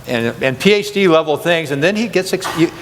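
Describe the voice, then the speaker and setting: A man's voice: a little high, animated, fairly quick. Rambling male interviewer in a hall. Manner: rambling, many restarts, chuckling. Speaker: chapel interviewer. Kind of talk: casual interview chat.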